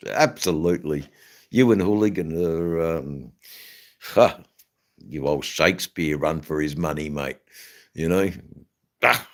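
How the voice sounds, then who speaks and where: A man's voice: low-pitched, slow, pauses often. A man with an Australian accent, hosting a casual livestream chat and rambling with many hesitations and fillers. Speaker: channel host.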